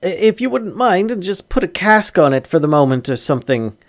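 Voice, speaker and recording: A man's voice: high-pitched, big pitch swings, fairly quick, pitched above the performer's own voice. A man voicing a flustered, polite halfling father who stammers nervously. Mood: fussy. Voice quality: stammering, fussy.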